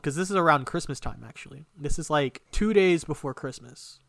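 A man's voice: a little high, moderate pace, gravelly, hardly any pauses, fairly bright tone, no room sound. A young man casually telling a long story on a podcast, rambling and swearing a lot. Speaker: podcast co-host.

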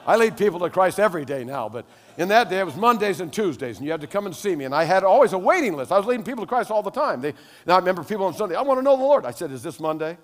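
An older male pastor preaches with lively stories and sudden loud exclamations. His voice sits fairly high for a man, and it rings with the long reverb of a large hall. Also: racing. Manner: animated storytelling, rising to loud exclamations. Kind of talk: sermon with personal stories.

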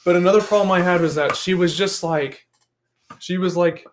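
A man's voice: high-pitched, moderate pace, a little hiss or hum. A young man co-hosting a podcast in casual chat, blunt and mocking, acting out scenes as he talks. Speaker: podcast co-host.

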